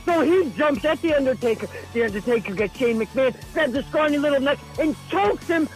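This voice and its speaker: A man voicing a breathless, excitable wrestling gossip caller who phones into a podcast hotline. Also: extremely high pitch, a little fast, faint music behind, low-quality recording. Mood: hyped. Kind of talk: comedic podcast bit.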